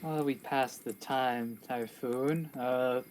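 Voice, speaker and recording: A man's voice: mid-range voice, steady tone, takes it slowly, darkish tone, a little hiss or hum. A man playing a tabletop game, speaking in character and out, hesitant and full of fillers. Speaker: player. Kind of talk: casual tabletop play.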